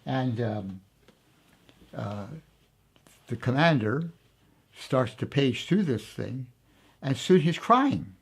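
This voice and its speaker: A man being interviewed, telling a story in a reflective, hesitant way with many pauses and fillers. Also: mid-range voice, sing-song, slightly rough.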